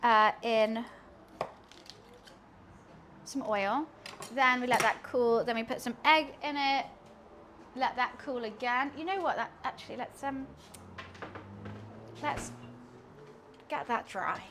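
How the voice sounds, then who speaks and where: A woman's voice: a little high, slow, pauses often, a bit bright, slight background noise. A young woman live streaming while she cooks in her kitchen, chatting to her viewers in a self-mocking way and laughing often. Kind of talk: casual chat to a live stream audience while cooking. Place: home kitchen.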